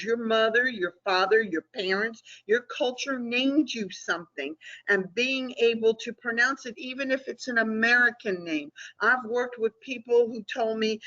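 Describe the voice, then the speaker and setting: A woman's voice: on the high side, pushed and bright. A middle-aged woman presenting an online training webinar, talking conversationally and often checking in with "okay?". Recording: dull lo-fi webinar audio.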